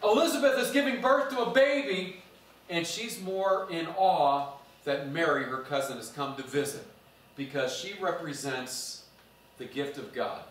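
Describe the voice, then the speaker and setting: A man's voice: on the high side, measured pace, a bit bright. A man preaching a sermon as pastor, reading scripture and stretching out key words for emphasis. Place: church. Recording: echoey church from a distance.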